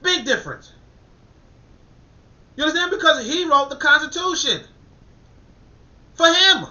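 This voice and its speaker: A male commentator goes over a political document at a measured pace, his very high voice animated, pushed, and bright. He reads and comments colloquially and emphatically, repeating words as he thinks, in an echoey, dull room.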